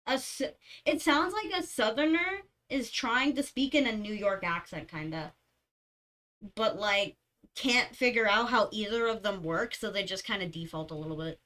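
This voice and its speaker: A young woman streamer chatting casually, with a slightly high voice. She rambles from one anecdote to the next and giggles often between thoughts. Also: fairly bright tone. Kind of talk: casual chat.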